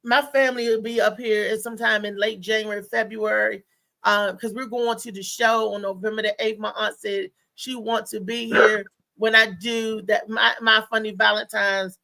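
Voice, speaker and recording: This live talk show host is a woman with a mid-range voice, some vocal fry and normal speed. She chats casually, rambles through animated stories and laughs often.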